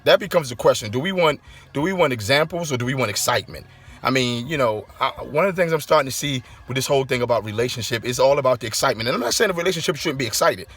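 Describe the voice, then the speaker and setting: A middle-aged man, a pastor and author, chatting casually to his viewers on a phone inside a car, repeating his points and getting animated when riled. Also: mid-range voice, racing. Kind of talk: casual vlog talk to viewers.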